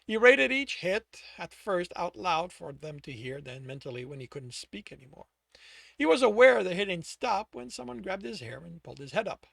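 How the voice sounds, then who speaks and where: A man reading his own novel aloud, pausing to fix slips as he goes. His voice is slightly high and gravelly, with lively pitch. The sound is dry and close. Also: no room sound. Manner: self-correcting as he reads. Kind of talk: audiobook-style reading aloud.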